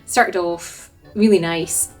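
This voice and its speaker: A woman with a Glasgow Scottish accent who chats in a lively, self-deprecating way in a travel vlog. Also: fairly low pitch, takes it slowly, faint music behind. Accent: Glaswegian Scottish. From Scotland. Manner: chatty, self-deprecating storyteller. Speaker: vlogger on a motorbike tour.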